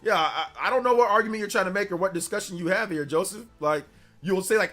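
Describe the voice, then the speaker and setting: A young man hosts a casual livestream and argues his point back at the chat. His voice sits high and bright, and he talks defensively, circling back to the same claim. Faint music plays behind him. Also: fast talker. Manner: defensive, repeats himself, argumentative. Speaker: livestream host. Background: background music.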